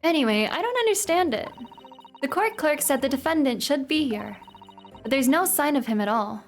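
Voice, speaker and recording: A woman's voice: animated, moderate pace, soft background music. A woman reading a polite young lady assistant. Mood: earnest. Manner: high, polite, proper reading voice.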